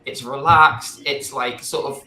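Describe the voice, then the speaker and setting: A man's voice: medium pitch, fairly even intonation, a little slow, sharp tone, echoey room. A man chatting as a panelist on a live stream, earnest and forthright when making a point. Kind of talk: casual live stream chat.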